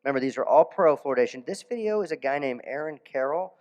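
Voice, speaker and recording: A man, a dentist, giving a conference lecture in a casual storytelling way, animated, with restarts and asides. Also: on the high side, fast talker, big-room sound. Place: conference hall.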